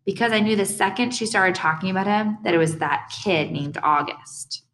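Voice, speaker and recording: A woman's voice: medium pitch, normal speed, a bit bright. A woman narrating a first-person audiobook in a plain, conversational way.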